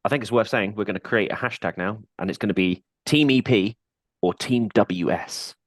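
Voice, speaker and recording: Man, podcast co-host, steady explainer, very deep voice, dry sound. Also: normal speed, dry recording. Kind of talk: casual podcast chat. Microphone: headphones, remote call.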